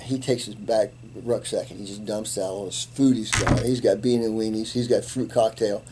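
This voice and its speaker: A man in his seventies, a retired Army colonel, telling animated stories in an interview and acting out the quotes. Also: fairly low pitch, moderate pace, background noise. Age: 70s. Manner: animated anecdote teller, acts out quotes, laughs. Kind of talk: storytelling in an interview.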